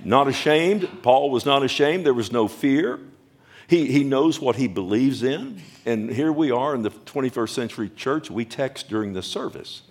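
A man's voice: mid-range voice, animated, normal speed, a little mellow. A man preaching a sermon as pastor, emphatic and repetitive, calling out for the congregation's response.

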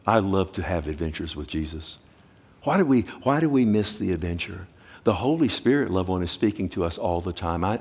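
A man preaching a sermon, animated, swinging from loud urgent bursts to quiet low asides.

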